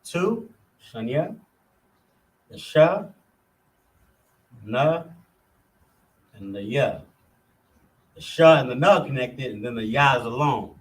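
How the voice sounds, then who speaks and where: A man teaching a class, working slowly and methodically through words syllable by syllable and repeating each one. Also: medium pitch, lively intonation. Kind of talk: classroom lesson.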